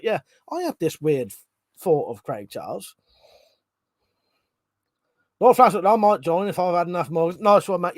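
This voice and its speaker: A man's voice: high voice, no echo. A man hosting a live stream, chatting loosely, swearing casually and reading out chat messages from home. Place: home room.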